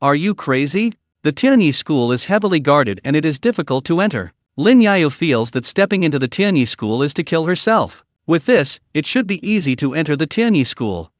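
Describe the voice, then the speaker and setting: Young woman cultivator, blunt, alarmed, animated, male narrator doing her, dry sound. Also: on the high side, moderate pace, few pauses, no room sound.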